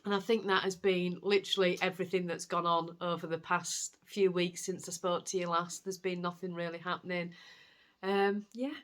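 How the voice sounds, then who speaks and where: A woman with a Yorkshire accent hosting a knitting podcast, telling stories in a chatty, animated way. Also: on the low side, moderate pace. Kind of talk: casual chat to camera.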